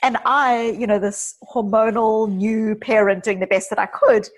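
A middle-aged woman with a slightly husky, breathy voice, speaking as a guest psychologist on a podcast. She talks in an animated, storytelling way, weaving in anecdotes and quoted lines. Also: on the high side, normal speed. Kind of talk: conversational podcast interview.

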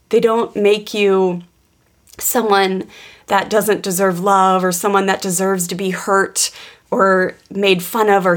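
A woman's voice: medium pitch, gravelly. A woman in her thirties, a podcast co-host and parenting coach, telling personal stories earnestly with frequent restarts. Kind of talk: casual podcast conversation.

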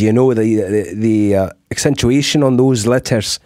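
Low mellow-voiced man chatting casually. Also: normal speed, no room sound, studio quality. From Cyprus. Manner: chatty, laughs easily, slips into accent impressions. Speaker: voiceover artist and sound editor. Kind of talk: casual conversation.

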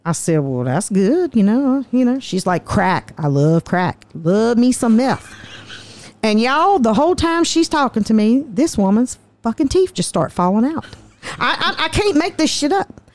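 A woman's voice: fairly high pitch, unhurried. Profane woman telling wild stories. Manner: animated, profane, folksy storyteller. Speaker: guest. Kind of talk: casual storytelling.

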